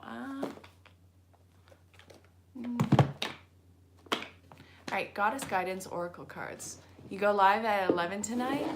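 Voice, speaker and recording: A woman chatting excitedly on a live stream as an angel card reader, talking to her viewers and laughing often. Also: mid-range voice, heavy background noise. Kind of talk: casual live-stream chat.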